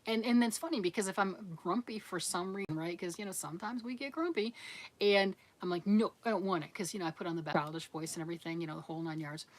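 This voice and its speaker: Speaking fast in a lowish voice, a middle-aged crochet-channel host chats on her livestream, going through viewer comments. She answers them warmly and encouragingly, laughing frequently.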